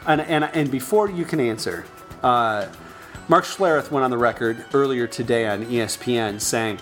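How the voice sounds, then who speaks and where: A man in an easygoing sports podcast, teasing his co-host and pushing his voice up and down for effect. His pitch sits in the middle. Faint music plays behind. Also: moderate pace. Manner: playful, teasing, lively swings in pitch. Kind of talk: casual sports chat.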